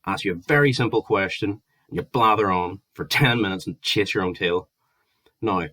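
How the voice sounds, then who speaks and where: Low-voiced Northern Irish man ranting. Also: normal speed, sharp tone, husky. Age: 20s. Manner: heated, sweary, exasperated ranting. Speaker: vlogger. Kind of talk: angry ranting monologue.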